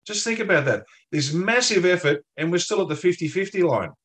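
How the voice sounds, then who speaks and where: A man's voice: sits high, animated, brisk, fairly bright tone. An Australian man in an interview, blunt and emphatic, telling pub-style stories in colloquial language. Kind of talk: interview discussion.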